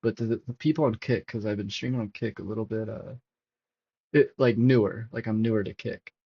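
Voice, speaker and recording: A man hosting a crypto livestream, talking casually and excitably over charts and swearing freely to his chat. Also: lowish voice, a little fast, vocal fry, slightly rough. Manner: profane, excitable, talks to chat. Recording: dull lo-fi stream audio.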